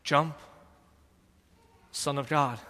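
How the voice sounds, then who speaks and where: A man's voice: on the high side, fairly even intonation, very slow, sharp tone, big-room sound, exaggerated voice. A man voicing a scheming, mocking male serpent who tempts with a wheedling, taunting manner.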